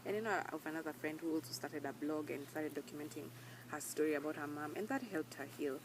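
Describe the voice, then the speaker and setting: A woman's voice: sits low, fast talker, background noise. A young woman with a Kenyan accent talking earnestly and emphatically to camera in a casual vlog. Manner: earnest, emphatic, mixes in Swahili slang words. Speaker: vlogger. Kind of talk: casual heartfelt talk to camera.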